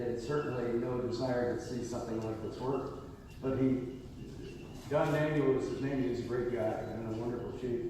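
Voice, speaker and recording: An older retired detective tells his stories in a lively, rambling way and often starts a sentence over. His voice is mid-pitched and sounds far from the mic. A long hall reverb and faint background noise surround him. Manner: animated anecdotes, frequent self-interruptions and laughs. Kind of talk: interview storytelling.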